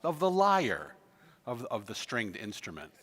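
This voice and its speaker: A man's voice: medium pitch, huge pitch swings, a little slow, in a large hall. A man with a Midwestern accent, a song leader casually and jokingly teaching a song to the congregation. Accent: American Midwest. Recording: loud guitar playing behind.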